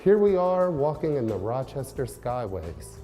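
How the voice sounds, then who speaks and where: A comedian from Southern Indiana with a twang, mixing stand-up and casual talk in a wry, drawn-out way. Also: male voice, medium pitch, big pitch swings, dark tone, soft background music.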